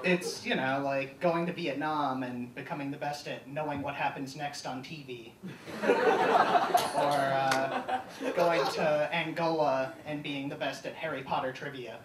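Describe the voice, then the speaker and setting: A young man doing a stand-up comedy set, deadpan and halting with many ums, on a live comedy stage. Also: fairly high pitch, heavy background noise. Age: young adult. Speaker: student stand-up comic. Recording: echoey hall, distant mic, audience laughter.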